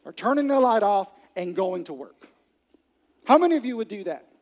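A man preaching a sermon to a congregation, animated and humorous, acting out little quoted scenes. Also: high voice, normal speed. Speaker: pastor.

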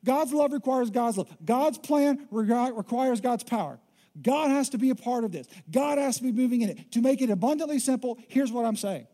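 A man in his thirties preaching a sermon as pastor, emphatic and swinging from loud declarations to hushed, intimate lines. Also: extremely high pitch, moderate pace.

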